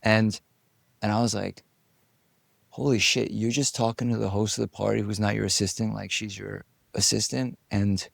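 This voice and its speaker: A man being interviewed, telling stories from his life in a casual, animated way, acting out what people said and swearing now and then. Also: fairly low pitch, normal speed, no room sound. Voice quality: gravelly. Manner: animated storyteller, acts out quotes, swears. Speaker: interview guest. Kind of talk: casual storytelling.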